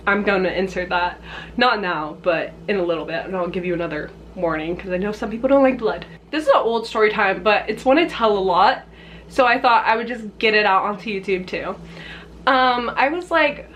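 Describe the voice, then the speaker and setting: A young woman vlogger telling a casual storytime, chatty and quick to laugh, acting out what people said. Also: a little high, a bit bright, a little hiss or hum. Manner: chatty, laughing often, swearing, acting out quotes.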